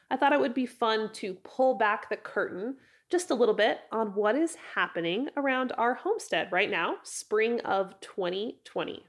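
A woman hosting a casual solo podcast, hoarse and raspy from a head cold, chatting and rambling in a friendly way. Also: on the high side. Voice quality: raspy, froggy. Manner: chatty, rambling, self-correcting with laughs. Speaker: podcast host.

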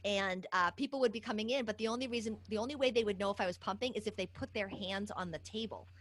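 A woman who works as a nurse, telling a lively work story in casual chat and laughing often. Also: medium pitch, quick pace.

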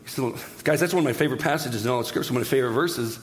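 A man preaching a sermon in an animated, joking way, talking straight to the congregation. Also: mid-range voice, racing. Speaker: pastor.

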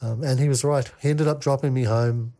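A man telling a candid personal story as a podcast guest, halting with many fillers and restarts. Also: medium pitch, fairly even intonation, mellow.

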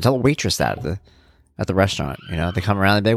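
A middle-aged man talks through a casual solo podcast. His pitch swings widely as he tells stories and slips into quick voices for the people in them. The close mic sounds dry and dead, with no room around him. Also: vocal fry, no room sound. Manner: lively conversational storytelling with voiced quotes. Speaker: podcast host.

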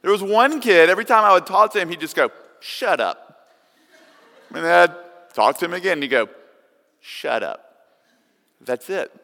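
A man preaching a sermon, earnest, his volume swinging from hushed to loud. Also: sits high, quick pace. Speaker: pastor. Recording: long reverb of a large hall.

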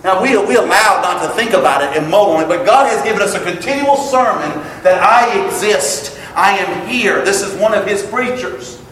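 Preacher booming in an echoey hall. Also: male voice, lively intonation, moderate pace, hardly any pauses, distant mic, a little hiss or hum. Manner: emphatic, rising to loud exclamations. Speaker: pastor. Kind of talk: sermon. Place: church sanctuary. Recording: echoey hall, picked up from afar.

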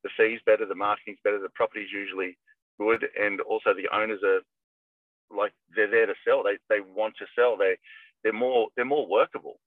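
A man's voice: on the low side, brisk, dry recording. Man on a tinny, phone-like line. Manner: energetic, motivational, acts out phone calls. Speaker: real estate agent. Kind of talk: casual podcast talk.

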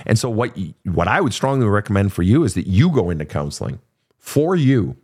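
Male podcast host from Minnesota, low voice with a lively swing, blunt and salty advice-giver. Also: brisk, husky. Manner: blunt and profane, animated. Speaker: podcast host answering listener questions. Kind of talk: casual advice talk.

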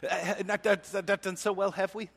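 A man's voice: high-pitched, little pitch movement, normal speed, vocal fry, a bit bright, husky, in a large hall, pitched above the performer's own voice, exaggerated voice. A male preacher putting on a playful, needling mock-British accent for a teasing grown man.

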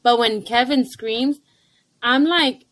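Young mom co-host, high-pitched and lively, blunt casual talker, dry mic. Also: female voice, takes it slowly, dry recording. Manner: animated, laughs often, blunt. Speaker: podcast co-host, stay-at-home mom. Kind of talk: casual chat.

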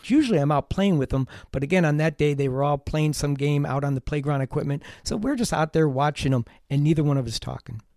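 A middle-aged man hosting a teaching podcast, telling a personal story in an earnest, animated way with self-deprecating humor. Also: fairly high pitch, fast, hardly any pauses, no room sound, clean studio sound. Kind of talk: storytelling monologue.

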